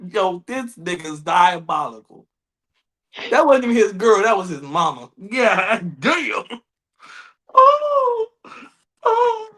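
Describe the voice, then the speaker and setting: A man's voice: high voice, lively intonation, a little slow, fairly bright tone. A man co-hosting a podcast, laughing often and riffing in loose slang. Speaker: podcast co-host. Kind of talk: casual podcast banter.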